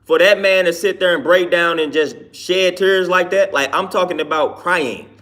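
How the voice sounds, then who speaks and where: His voice is high-pitched, bright, and forceful, delivered at normal speed. The speaker, a personal trainer, offers a sincere, relaxed monologue full of repeated "man" and "you know what I'm saying."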